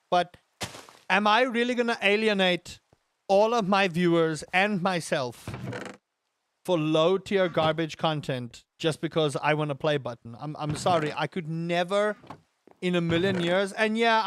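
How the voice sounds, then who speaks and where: Ranting male streamer, slightly high voice. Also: moderate pace, a bit bright, slight background noise. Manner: ranting, emphatic repetition; talks to his chat between tangents. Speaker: live streamer. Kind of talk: casual live-stream chat.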